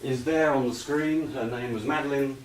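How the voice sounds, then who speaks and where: A man giving a slide presentation to an audience, hesitant with many ums, relaxed and gently humorous. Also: mid-range voice, normal speed. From United Kingdom. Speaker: lecturer. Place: retreat lecture room with audience. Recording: roomy echo, distant mic, faint hiss.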